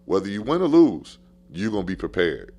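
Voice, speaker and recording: A man who coaches basketball, telling stories on a podcast in a casual, animated, slangy way and repeating phrases for emphasis. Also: low voice, brisk.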